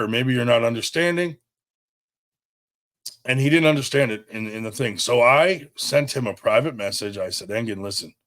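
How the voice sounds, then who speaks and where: A man's voice: medium pitch, fairly bright tone. Blunt swearing man on camera. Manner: blunt and heated, swears often, many restarts. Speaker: brand owner addressing a rival promoter. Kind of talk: direct-to-camera statement.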